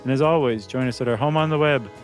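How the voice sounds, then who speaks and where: A man's voice: medium pitch, fast, over music. A man co-hosting a podcast in casual chat, jokey and chatty with filler ums. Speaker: podcast co-host.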